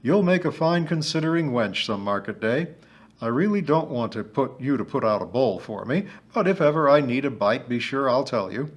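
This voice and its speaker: A man's voice: mid-range voice, lively intonation, moderate pace, lightly acted. A man voicing a merry, boastful ancient male hill sprite in a storybook reading, hearty and emphatic. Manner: hearty, emphatic, sing-song when chanting.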